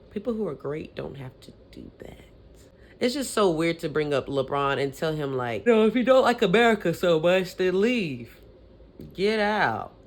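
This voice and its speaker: A woman's voice: fairly low pitch, a bit bright. A young adult woman vlogging, giving sassy, opinionated sports commentary with petty trash talk.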